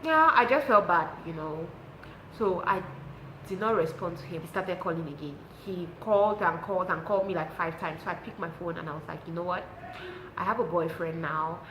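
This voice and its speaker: A woman's voice: fairly low pitch, a little fast, echoey room, noisy background. A young woman with a Cameroonian English accent, telling a personal story on her vlog and acting out what people said. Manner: animated storytelling, acts out quotes. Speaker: lifestyle vlogger.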